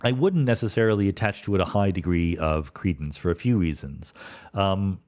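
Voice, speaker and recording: A man's voice: deep voice, normal speed, a little mellow. A middle-aged man from suburban Philadelphia hosting a solo podcast, answering listener questions in a thoughtful, rambling way with fillers and self-corrections.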